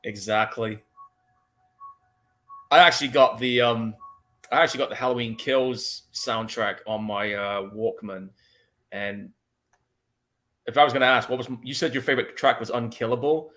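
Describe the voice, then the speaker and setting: A man's voice: medium pitch, normal speed, long pauses, pushed and bright. A man hosting a casual movie commentary podcast, laid-back and easily laughing, reading out chat comments. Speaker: podcast host.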